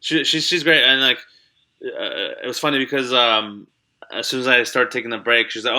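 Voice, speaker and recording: A young man, an animated storyteller chatting over a video call and saying "like" a lot. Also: mid-range voice, moderate pace. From Canada (Toronto). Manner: animated storyteller, heavy use of "like". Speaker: comedian guest. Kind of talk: casual interview chat.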